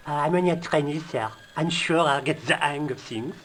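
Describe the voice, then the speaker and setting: A man's voice: a little high, moderate pace, fairly bright tone, a little hiss or hum, close to an everyday voice. A man playing an eager, timid young male trainee doctor who speaks politely and hesitantly, in a game with faint music behind. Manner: polite, hesitant, keeps saying sir.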